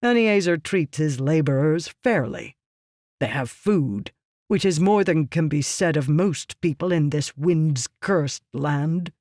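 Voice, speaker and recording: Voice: medium pitch, takes it slowly, a little mellow, no echo, clean studio sound, close to an everyday voice. A reader doing a ruthless, scheming merchant. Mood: cold. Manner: curt, lecturing, condescending. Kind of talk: audiobook character reading.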